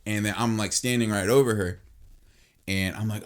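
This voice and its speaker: A man in his late twenties hosting a podcast, telling a long story in a casual, animated way, full of swearing and "like". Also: lowish voice, fast. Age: late 20s. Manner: animated and profane, filled with "like" and restarts. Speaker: podcast host.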